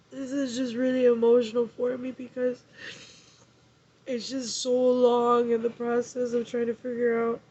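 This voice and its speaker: A woman talking in an emotional personal vlog, tearful and halting, swearing often. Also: on the high side, dark tone, slightly rough, dull audio. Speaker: vlogger.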